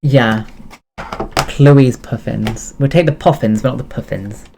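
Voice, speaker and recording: A streamer from England, chatting casually with viewers during a game stream, jokey and quick to giggle. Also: mid-range voice, vocal fry, darkish tone, a little hiss or hum. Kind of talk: casual live-stream chat.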